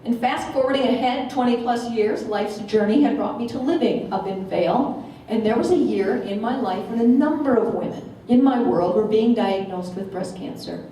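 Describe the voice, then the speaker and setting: A woman's voice: on the high side, normal speed, slight background noise. American woman telling a story in an echoey hall. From Minnesota, USA. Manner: lively and humorous, acts out quotes. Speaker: guest speaker. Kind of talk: storytelling speech. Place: meeting hall. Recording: echoey hall, distant mic.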